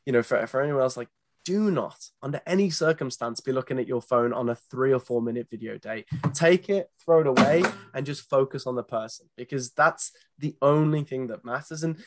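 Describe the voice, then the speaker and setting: A British man talks through his dating advice in a middle-pitched voice, earnest and animated, often restarting his sentences. He sounds close and dry, as if on a podcast mic with no room echo. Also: fairly quick. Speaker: guest, dating company founder. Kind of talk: casual podcast interview.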